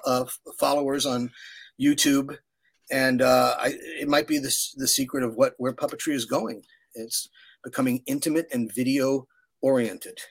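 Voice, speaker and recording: A man in his sixties speaks as a guest in a conversational interview. His voice is middle-pitched, and he wanders through his stories with many fillers and restarts. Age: 60s. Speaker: puppeteer guest.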